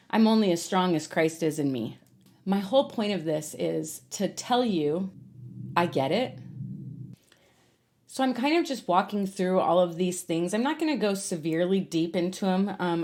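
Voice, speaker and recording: Woman podcast host, low-ish voice, candid faith monologue, loose and unscripted with fillers. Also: a little mellow. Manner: candid, earnest, many fillers and restarts.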